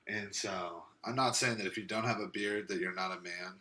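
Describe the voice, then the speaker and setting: A man's voice: on the low side, steady tone, moderate pace, pushed and bright. Young man rambling with a slight speech impediment. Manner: rambling, repeats words, hesitant fillers. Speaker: podcast co-host. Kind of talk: casual chat.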